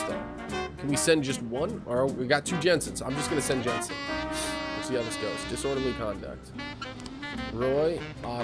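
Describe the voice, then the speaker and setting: A man chats casually while playing a game, reading the on-screen text aloud and asking his viewers to help him choose. His voice sits at an ordinary middle pitch, and game music plays clearly behind him. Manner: chatty, reads game text aloud, asks the chat for help. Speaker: game streamer. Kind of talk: casual gameplay commentary.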